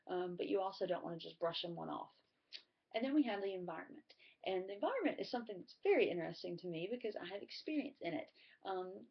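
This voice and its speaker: Young woman giving a class talk, kinda low and raspy, lots of ums, muffled lo-fi audio. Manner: conversational, many fillers like um. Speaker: student presenter. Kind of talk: class presentation on communication. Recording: muffled lo-fi recording.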